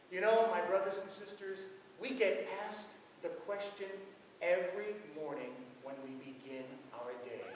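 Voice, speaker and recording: Priest preaching in an echoey church. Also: male voice, sits high, far from the mic, slight background noise. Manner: storytelling, animated. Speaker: pastor. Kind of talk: sermon. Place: large church. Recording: echoey church heard from afar.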